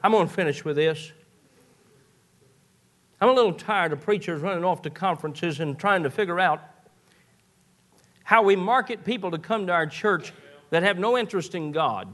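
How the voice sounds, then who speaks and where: A man's voice: sits high, lively intonation, normal speed, pauses often, fairly bright tone. A man, preaching a sermon in a folksy storytelling way, often restarting his words. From eastern Kentucky. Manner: folksy storytelling with repeated stammered starts.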